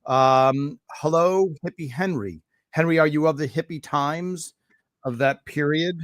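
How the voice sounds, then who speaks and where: A man's voice: on the high side, a little slow, no echo. A man hosting a live stream from home, greeting viewers one by one in a loose, enthusiastic, rambling way and talking to himself between hellos. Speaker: host.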